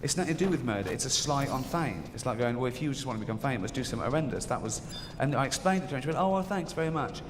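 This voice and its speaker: Man doing animated stand-up in a hall. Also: mid-range voice, racing, hardly any pauses, noisy background. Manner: animated storytelling, acting out quoted voices. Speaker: stand-up comedian. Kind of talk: stand-up comedy routine.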